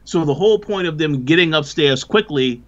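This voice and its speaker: A man's voice: a little high, lively intonation, moderate pace, lo-fi sound. A man co-hosting a podcast in casual review chat, analytical and critical as he builds his points step by step. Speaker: podcast co-host.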